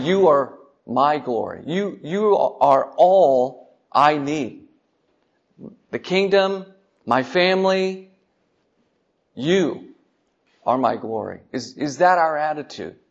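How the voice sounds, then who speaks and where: Gravelly-voiced preacher, slow and earnest. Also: male voice, a little high. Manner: earnest, repeats words, drops to soft tones for emphasis. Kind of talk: sermon. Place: church sanctuary. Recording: dull lo-fi church sermon recording.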